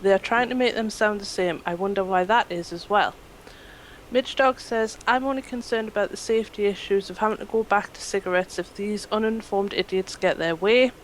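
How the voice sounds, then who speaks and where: A woman reading out viewer comments on a casual panel show, brisk and lightly amused. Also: mid-range voice, slight background noise, poor audio. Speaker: chat reader.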